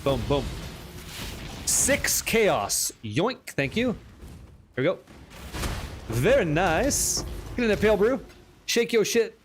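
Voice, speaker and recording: A man streaming a game live, chatting with viewers in an excitable, casual way and swearing freely. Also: high voice, takes it slowly, pauses often, over music. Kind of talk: live gameplay commentary.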